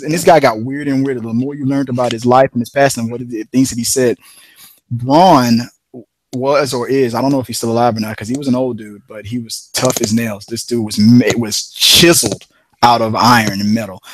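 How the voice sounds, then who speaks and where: A man's voice: medium pitch, steady tone, moderate pace. A man co-hosting a casual podcast chat, telling a long rambling story with frequent restarts. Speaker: podcast co-host.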